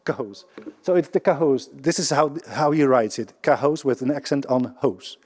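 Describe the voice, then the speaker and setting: A guest lecturer from the Netherlands gives a public history lecture with a Dutch accent, speaking haltingly, restarting often, and posing questions to the audience. His voice is medium-pitched and darkish. The live lecture hall is reverberant.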